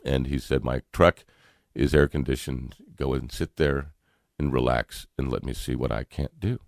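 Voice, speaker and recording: A middle-aged man from North Carolina with a Southern accent, an earnest radio host telling a personal story with halting repeats and frequent chuckles. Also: extremely low pitch, fairly even intonation, creaky, no room sound, clean studio sound.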